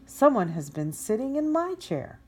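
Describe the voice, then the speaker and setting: A woman doing a high, fussy mama bear. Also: very animated, normal speed, a little mellow. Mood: fussing.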